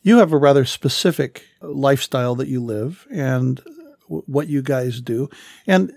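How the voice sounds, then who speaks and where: A man hosting a podcast, interviewing his guest in a casual, halting, amused way. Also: medium pitch, gravelly, darkish tone, no room sound, studio quality. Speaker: podcast host.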